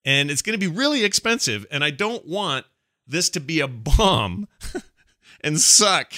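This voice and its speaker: A man's voice: fairly high pitch, sing-song, unhurried, bright, forceful tone, dry recording, studio quality. A man co-hosting a gaming podcast, chatting casually and breaking into silly voices for jokes. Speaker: podcast co-host. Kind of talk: casual chat.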